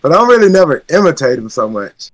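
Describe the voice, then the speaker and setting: A man's voice: fairly high pitch, sing-song, quick pace, fairly bright tone. Hesitant man searching for words. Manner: hesitant, many fillers. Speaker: podcast guest. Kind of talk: casual group chat.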